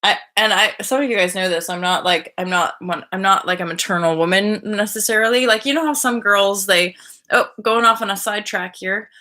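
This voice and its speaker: A woman in her thirties hosting a spiritual live vlog in a rambling, animated, casual way, often sidetracking and jumping into high gushing voices. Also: brisk. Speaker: spiritual vlogger hosting a live energy update.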